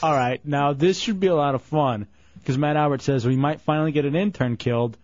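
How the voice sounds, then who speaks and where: A man's voice: a little high, a little fast, a little mellow, dull audio. Bossy male radio host. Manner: bossy, mocking, gives orders. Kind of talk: bantering talk radio. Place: radio studio.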